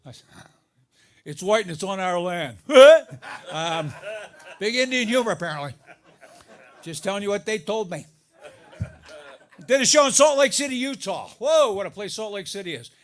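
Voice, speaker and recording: A middle-aged man doing a stand-up comedy set, telling stories about his marriage, his voice jumping up high for the punchlines. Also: moderate pace, pauses often. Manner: animated storytelling, voice jumps up for punchlines. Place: live comedy venue with audience laughter.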